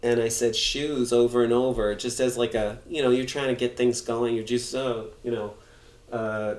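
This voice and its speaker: A middle-aged man with a faint Massachusetts accent chats as a guest, animated and quick to act out quotes. His voice sits at an ordinary pitch for a man. The room adds a noticeable echo. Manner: animated storyteller, acts out quotes. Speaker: comedian guest. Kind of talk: casual chat. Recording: roomy echo.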